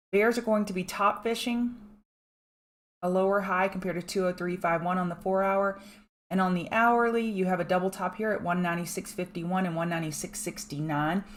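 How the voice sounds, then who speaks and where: Chatty woman hosting a market livestream. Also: fairly low pitch. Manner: chatty, greets chat viewers by name while reading charts. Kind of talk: casual live chart analysis.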